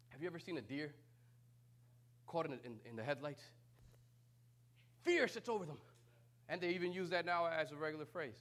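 A man preaching a sermon with humorous asides, swinging from hushed whispers to loud, impassioned shouts. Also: a little high, big pitch swings, brisk, pauses often.

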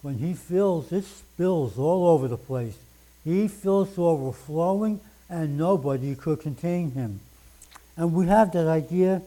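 An older male preacher delivers his sermon at an unhurried pace. His voice sits a little high but sounds warm and mellow. He reads the scripture with steady emphasis. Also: rough recording. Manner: slow, emphatic scripture reading.

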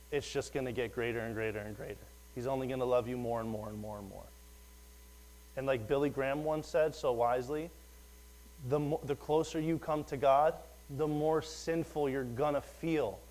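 A man's voice: medium pitch, a little mellow, rough recording. Rambling, conversational man preaching. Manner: rambling, conversational, fillers and asides. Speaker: lay preacher. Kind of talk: informal sermon.

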